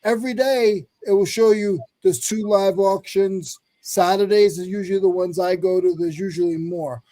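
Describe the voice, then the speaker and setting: A man from North Carolina, a reseller, walking viewers through a website in a rambling, hurried screen-share chat. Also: high voice, steady tone, warm tone, no room sound. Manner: rambling, fast, self-correcting. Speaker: reseller sharing his screen on a live stream. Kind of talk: casual screen-share walkthrough.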